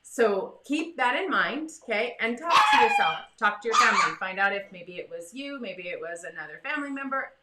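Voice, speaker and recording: A woman giving casual dog training advice in a chatty, animated way, now and then acting out her dog's thoughts in a voice. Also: mid-range voice, fairly quick, few pauses, echoey room, very noisy. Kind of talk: casual advice talk to camera.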